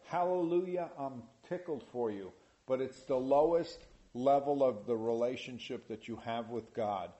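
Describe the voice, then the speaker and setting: A man preaching a sermon in an animated way, rising to loud emphasis. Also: mid-range voice, muffled recording. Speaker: pastor.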